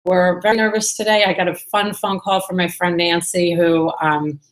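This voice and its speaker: A woman's voice: fairly low pitch, little pitch movement, normal speed, reverberant. A woman talking candidly to the camera in a casual personal vlog, rambling and chatty with lots of fillers. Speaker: vlogger.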